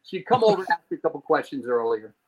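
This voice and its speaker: Fast and a little high, with a slightly rough voice on lo-fi sound, this man from New Jersey shares a long personal story as a podcast guest. He animatedly acts out the people he quotes and swears casually.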